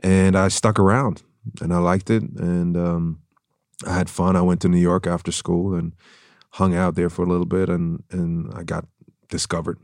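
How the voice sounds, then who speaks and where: Casting: middle-aged man, very low voice, faint German accent, measured and reflective, dry close sound. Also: flat delivery, gravelly, darkish tone, no room sound. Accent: light German. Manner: reflective, measured, with frequent fillers. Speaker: guest, actor and former tennis player. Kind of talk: casual interview chat.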